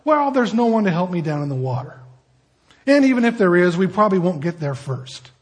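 A man's voice: high voice, big pitch swings, a little fast, in a large hall. A man preacher voicing a whiny, self-pitying man who lists excuses and grievances. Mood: whining. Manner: complaining, exasperated, piling up grievances. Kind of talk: sermon illustration.

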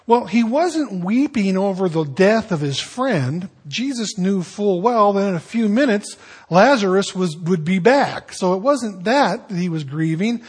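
An older man preaching a candid, confessional sermon, dropping at times into quiet, reflective tones. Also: high-pitched, lively intonation, unhurried, husky. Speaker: pastor.

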